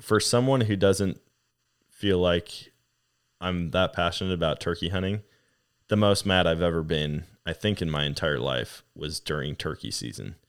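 A man with a very deep voice hosts a relaxed podcast conversation. He tells stories with animation, laughing and acting out the lines of the people in them. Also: moderate pace, clean tone. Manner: animated, laughing storyteller who acts out quotes. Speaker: podcast host. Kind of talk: casual storytelling chat.

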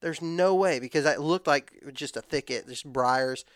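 A man in his thirties telling a long hunting story in a relaxed, rambling way with frequent restarts. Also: on the high side, normal speed, no room sound, studio quality. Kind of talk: casual storytelling chat.

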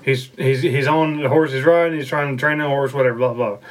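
A man's voice: mid-range voice, steady tone, brisk. Rambling, profane man telling a story. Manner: rambling, profane, laughing often. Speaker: podcast co-host. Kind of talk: casual storytelling.

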